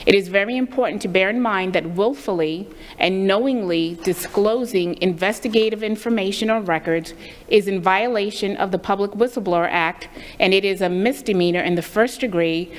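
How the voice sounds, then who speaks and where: A woman reads a formal briefing to a school board, deliberate and stressing the key points. Her voice sits at a middle pitch. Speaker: district staff presenter. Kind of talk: reading a prepared briefing.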